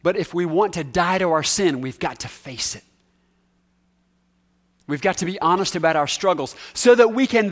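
A male pastor delivering a sermon in a slightly high voice. He talks with emphasis, repeats key words and swings between loud, stressed phrases and soft, quiet ones. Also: expressive, normal speed, pauses often.

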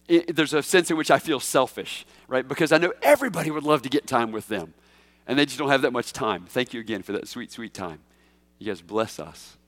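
Preaching as senior pastor, this man alternates deliberate, weighty lines with rapid side remarks, and his voice jumps loud and high whenever he speaks as someone he's quoting. The audio is dry.

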